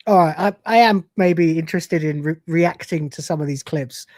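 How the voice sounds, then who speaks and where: A woman's voice: deep voice, moderate pace, darkish tone, no echo. A British woman hosting a livestream, reacting to clips and reading super chats, swearing a lot, often exasperated, and laughing often. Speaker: host.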